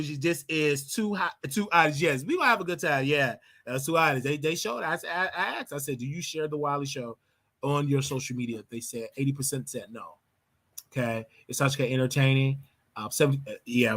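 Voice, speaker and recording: A man hosting a live call-in show, chatting in an animated, slangy way and laughing often. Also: mid-range voice. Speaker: show host.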